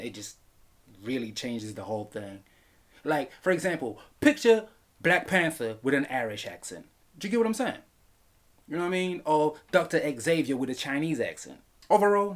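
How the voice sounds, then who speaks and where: A man reviewing a film in a comedic vlog, animated and profane, laughing often. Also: medium pitch.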